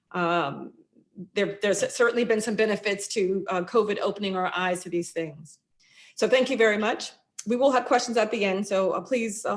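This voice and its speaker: Halting woman hosting an online event. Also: mid-range voice. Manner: halting, many fillers and restarts. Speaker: host, local council member.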